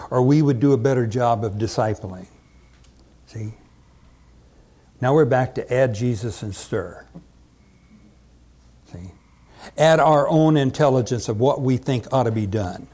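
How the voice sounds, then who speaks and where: A man's voice: medium pitch, dark tone. A male pastor preaching a sermon, emphatic and full of rhetorical questions.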